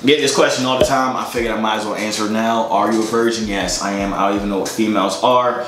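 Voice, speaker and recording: A man's voice: on the low side, steady tone, fast talker, noisy background. A young man casually answering fan questions in a joking, slangy, rambling way. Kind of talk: casual Q&A chat. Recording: echoey room.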